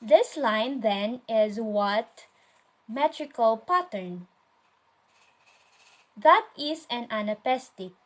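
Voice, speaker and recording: Filipino woman teacher, slow and higher-pitched, reads verse with heavy stress. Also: lively intonation, poor audio. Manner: slow, questioning, reads lines aloud with marked stress. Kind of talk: recorded online lesson on poetry meter.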